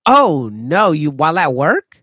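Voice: mid-range voice, sing-song, unhurried, fairly bright tone, husky, dry recording, clean studio sound. A podcast co-host who chimes in with short, teasing questions in casual chat.

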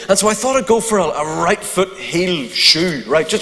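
A man with a Northern Irish accent, a pastor telling a funny story to a congregation in an animated, joking way. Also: high voice, moderate pace, in a large hall. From Northern Ireland. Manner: animated, humorous anecdote with asides to the crowd. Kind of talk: sermon storytelling.

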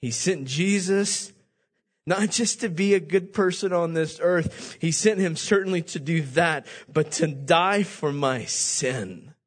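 A man's voice: on the high side, takes it slowly. A man preaching a sermon as pastor, speaking earnestly and directly to his congregation, often repeating words.

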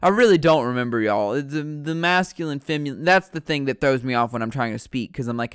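A man's voice: mid-range voice, fairly quick, few pauses, fairly bright tone, clean tone, no echo, studio quality. A man from the United States chatting in a rambling, profane way, correcting himself as he goes. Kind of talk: casual rambling chat.

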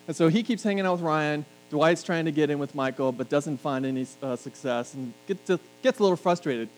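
A man's voice: fairly high pitch, a little fast, low-quality recording. A middle-aged man preaching a sermon, talking to the congregation conversationally and tossing in jokes. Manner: conversational, joking asides to the congregation. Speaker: pastor. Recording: faint mains hum.

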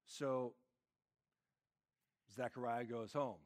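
A man's voice: mid-range voice, fairly even intonation, extremely slow. Casual, earnest male pastor preaching. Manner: casual, earnest, filler-heavy with frequent "like". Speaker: lead pastor. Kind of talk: conversational sermon.

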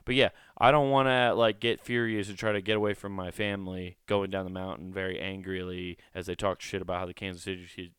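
A man hosts a casual solo podcast, rambling and cursing, often cutting off and restarting his sentences. His voice is on the low side with a smooth, clear tone. The sound is dry and close, from a small recording room. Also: little pitch movement, fast, few pauses, a bit bright, dry recording. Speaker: podcast host.

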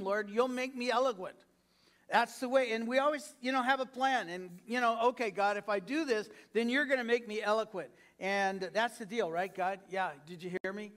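A man preaching to his congregation, acting out quoted lines with big swings in pitch and loudness. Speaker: pastor. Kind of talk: sermon.

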